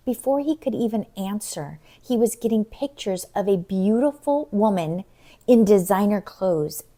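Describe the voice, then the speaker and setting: A middle-aged woman talks casually to her viewers in a chatty, rambling way. She slips into little acted voices when she quotes texts. Her pitch sits in the middle range. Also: creaky, darkish tone. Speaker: vlogger. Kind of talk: casual chat.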